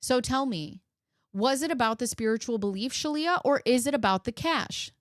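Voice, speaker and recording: A woman hosts a live stream reacting to video clips, speaking bluntly, sarcastically, and with plenty of swearing. Her voice is on the high side with lively intonation at normal speed, recorded in clean studio sound with no room echo.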